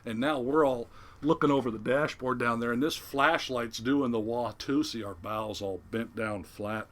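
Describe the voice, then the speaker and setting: A man's voice: mid-range voice, moderate pace. An older man, a retired commercial fisherman, telling a sea story as a podcast guest, acting out the voices of the people in it. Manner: animated yarn-spinning, acts out quoted voices. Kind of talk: casual storytelling.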